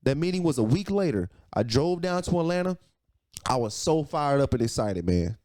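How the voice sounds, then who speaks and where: A man in his thirties spins a personal story on a casual podcast. His voice sits slightly high, and he talks in an animated, profane way, circling back to repeat lines for emphasis. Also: moderate pace. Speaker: podcast guest, entrepreneur.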